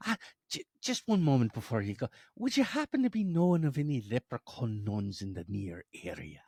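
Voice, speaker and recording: A man's voice: mid-range voice, very animated, a little fast, a little mellow, husky, no room sound, clean studio sound. A man voicing a persistent, overly polite male leprechaun in a told joke, with courteous old-fashioned phrasing. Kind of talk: joke telling.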